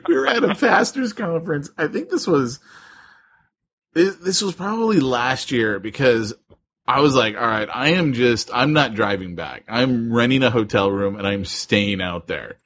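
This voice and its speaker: A man with a husky, slightly breathy voice telling anecdotes in easy podcast chat, often breaking into laughter. The audio is dull and lo-fi. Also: medium pitch, animated, a bit bright. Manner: laughing storyteller, quick asides. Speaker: podcast co-host. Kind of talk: casual chat, storytelling.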